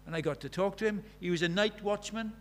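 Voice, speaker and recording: A man's voice: sits high, fast. Earnest male preacher, probing questions. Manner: earnest, questioning, retells conversations in quoted dialogue. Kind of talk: sermon.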